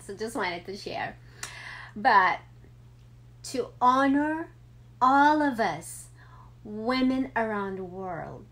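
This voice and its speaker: A woman in her thirties talking heartfelt and emotional in a personal vlog, with many ums and pauses. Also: fairly high pitch, animated, fairly bright tone. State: emotional, near tears. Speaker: vlogger.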